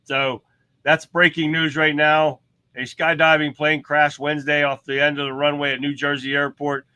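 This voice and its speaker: A man's voice: on the high side, flat delivery, moderate pace, bright, forceful tone, smooth, no echo. A man hosting a livestream, giving casual commentary in a rambling, chatty way. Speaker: livestream host.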